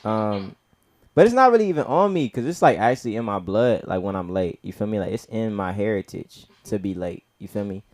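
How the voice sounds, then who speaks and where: A young man of Nigerian heritage does stand-up at a comedy club open mic, expressive and a little fast. He rambles in heavy slang with constant "bro" and "you feel me," and his voice climbs loud and high as he acts out his stories.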